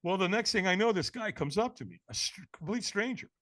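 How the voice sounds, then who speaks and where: A man who is a podcast guest, telling a story in an energetic, emphatic way and acting out the other people in it. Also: sits high, a little fast. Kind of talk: animated storytelling.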